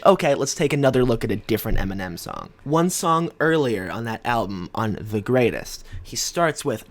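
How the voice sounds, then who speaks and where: A man's voice: mid-range voice, moderate pace, hardly any pauses. A young man giving an opinionated, argumentative commentary on rap lyrics and quoting lines as he goes. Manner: animated and argumentative, quotes lyrics. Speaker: music commentator.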